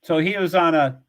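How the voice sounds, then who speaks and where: A man's voice: a little high, a bit bright. An older man hosting his own livestream, chatting in a rambling, casual way, full of fillers and frequent chuckles. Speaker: livestream host. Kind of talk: rambling casual chat to viewers. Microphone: streaming setup, from home.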